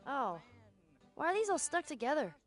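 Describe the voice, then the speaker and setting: Sarcastic, capable teen girl in a game, high-pitched and teasing, as an actress plays her. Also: big pitch swings, moderate pace, soft background music. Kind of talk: video game performance.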